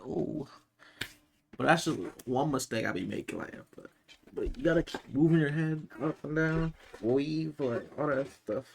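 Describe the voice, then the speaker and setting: A laid-back young man with a gravelly voice talks in easy slang. His pitch moves around a lot, and a faint hiss of noise sits behind him. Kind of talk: casual chat.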